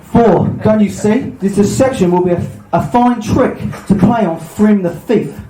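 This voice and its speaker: Guy doing sly trickster god, fake cockney, slow stagey pleading, echoey room. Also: high-pitched, mellow, slight background noise, pitched above the performer's own voice. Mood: scheming. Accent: put-on Cockney. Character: scheming trickster god, male, persuasive.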